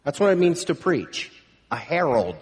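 A man preaching a sermon with emphatic delivery, building to loud proclamations. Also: fairly high pitch, sing-song, moderate pace, in a large hall. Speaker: pastor.

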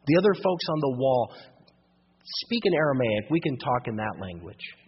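A man's voice: mid-range voice, very animated, normal speed, slight background noise. A male pastor teaching a Bible passage verse by verse, reading scripture aloud and then restating it in plain, everyday speech. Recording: muffled radio broadcast with long reverb.

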